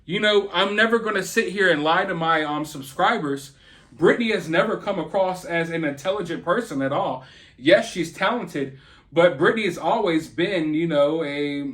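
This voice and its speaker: A man's voice: fairly high pitch, lively intonation, normal speed, a bit bright. A man hosting his own channel, delivering celebrity gossip commentary in an indignant, sarcastic rant. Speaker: channel host.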